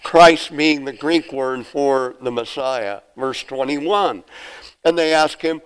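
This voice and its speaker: A man's voice: medium pitch, slow pace, clean tone, poor audio. A man preaching an expository sermon, reading scripture aloud and explaining it verse by verse. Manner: acts out the questioners' lines in a raised voice.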